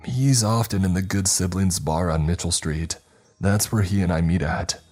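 A man's voice: deep voice, moderate pace, a little mellow, breathy edge, faint music behind. A man voicing a middle-aged male school principal who blusters, then pleads defensively. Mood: pleading.

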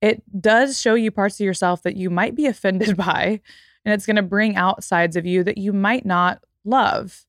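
Woman aged thirty, solo podcast host, casual reflective chat, slight vocal fry, dry close sound. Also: medium pitch, normal speed, dry recording. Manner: reflective, candid, frequent "like" fillers.

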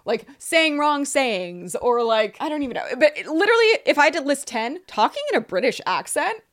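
High, lively podcast co-host woman. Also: moderate pace. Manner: animated, heavy use of "like". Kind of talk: casual chat.

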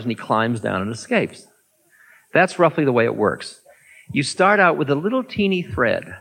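A man teaching meditation answers a question from his audience. His middle-range voice swings widely in pitch, and he slips into small voices to act out passing thoughts. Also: poor audio. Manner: animated, acts out inner thoughts in little voices.

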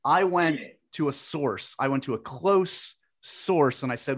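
A man hosting his podcast in casual chat, animated and self-deprecating with quick asides. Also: a little high. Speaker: podcast host.

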